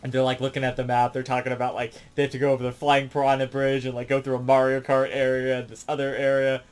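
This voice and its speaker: A man's voice: medium pitch, completely flat delivery, fast, clean tone. A man casually recapping a movie plot as a reviewer, rambling along with lots of "um" and "like" fillers. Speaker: film reviewer.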